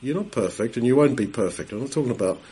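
A man preaching a sermon in a conversational Bible-teaching style, asking rhetorical questions and pausing to clear his throat. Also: mid-range voice, lively intonation, mellow.

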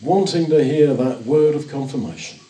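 A man's voice: mid-range voice, normal speed, mellow. An older man preaching a sermon in an earnest, reassuring way, often repeating his phrases. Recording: echoey room, distant mic.

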